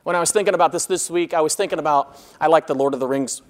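A man preaching an expository sermon as pastor, earnest, growing loud when reading scripture and quiet on asides. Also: fairly high pitch, racing, long reverb tail.

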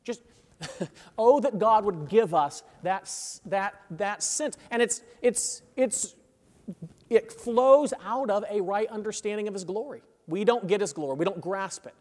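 A man's voice: high voice, unhurried, darkish tone. A man preaching a sermon as a pastor, conversational, checking in with his listeners, chuckling between phrases and building in intensity. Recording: long reverb of a large hall.

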